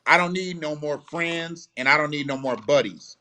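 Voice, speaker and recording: A man's voice: a little high, moderate pace, pushed and bright. Blunt, profane man ranting on a live stream. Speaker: host of a live show.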